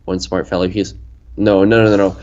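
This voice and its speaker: A man hosting a livestream, joking loudly and swearing freely in casual chat. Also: low-pitched, little pitch movement, a little fast, slight background noise. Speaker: livestream host. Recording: lo-fi stream audio.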